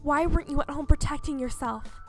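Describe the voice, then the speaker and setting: A woman reading a game's gentle, protective young male lead in a breathy, hushed whisper. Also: sits high, brisk, soft background music, pitched above the performer's own voice. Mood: worried, scolding. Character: gentle protective young man, anxious and tender.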